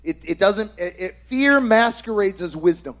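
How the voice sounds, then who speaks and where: A middle-aged man preaches with rising fervor, his voice sitting high for a man. He drives his points hard and at times breaks into shouted exhortation. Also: animated, normal speed. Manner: impassioned, shouts exhortations in a second language. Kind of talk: sermon.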